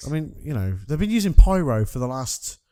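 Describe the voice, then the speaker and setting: A man's voice: a little high, sing-song, fairly quick, mellow, smooth, dry recording, studio quality. A young man co-hosting a podcast, chatting about wrestling in a wry, sarcastic, teasing way. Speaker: podcast co-host. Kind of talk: casual wrestling chat.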